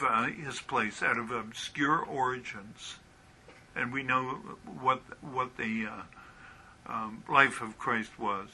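A man teaching a Bible study verse by verse, reading passages aloud, often pausing with ums and asking rhetorical questions. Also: medium pitch, bright, forceful tone, a little hiss or hum, rough recording. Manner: halting with frequent ums, asks rhetorical questions.

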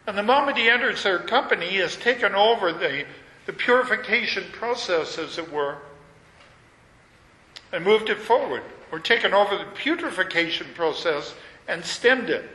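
A man preaching a sermon, measured and emphatic, leaning on repetition. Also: high-pitched, expressive, sharp tone. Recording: echoey hall with long reverb.

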